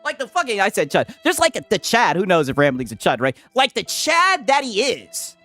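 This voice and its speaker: Excitable, lively-voiced male streamer. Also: high-pitched, moderate pace, faint music behind. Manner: loud, excitable, swearing, teasing. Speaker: streamer reacting to videos. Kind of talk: casual reaction stream chat.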